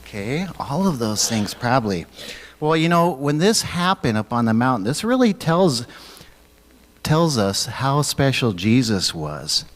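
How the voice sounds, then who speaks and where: A man leading a church children's message, gently asking the kids questions and waiting for their answers. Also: mid-range voice, big pitch swings, unhurried. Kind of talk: children's sermon.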